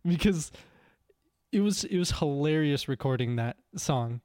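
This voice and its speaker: A man's voice: fairly high pitch, lively intonation, unhurried, warm tone, no echo, studio quality. A young man chatting casually as a podcast co-host, rambling with frequent restarts and laughter. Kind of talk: casual chat.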